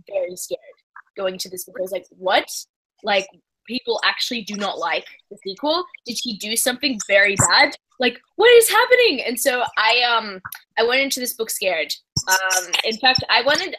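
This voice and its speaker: A woman's voice: medium pitch, bright, forceful tone, poor audio. A woman hosting a casual book discussion livestream, giggly and rambling with many fillers and restarts. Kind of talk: casual chat.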